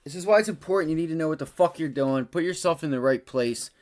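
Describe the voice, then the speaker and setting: A man hosting a live day-trading stream, cursing bluntly and swinging between low muttering and loud excited bursts. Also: fast talker. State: frustrated. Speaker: livestream day-trading host.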